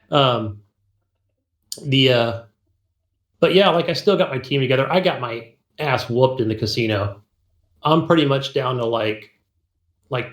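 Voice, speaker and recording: A man's voice: mid-range voice, roomy sound. A man co-hosting a podcast, telling a rambling, laughing story about a video game and acting out its dialogue. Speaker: podcast co-host. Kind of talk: casual gaming chat.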